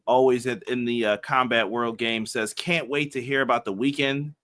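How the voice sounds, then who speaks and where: A man co-hosting a wrestling podcast, reading viewer shout-outs in a hyped, rushed way. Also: mid-range voice, fairly even intonation. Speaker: podcast co-host. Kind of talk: casual podcast chat.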